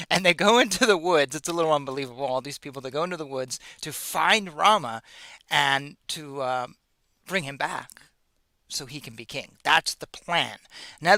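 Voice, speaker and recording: A man's voice: on the high side, pushed and bright, no room sound. A man hosting a show, retelling an ancient epic in a casual, slangy, joking way. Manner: slangy, joking, with playful asides. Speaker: host. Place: in America.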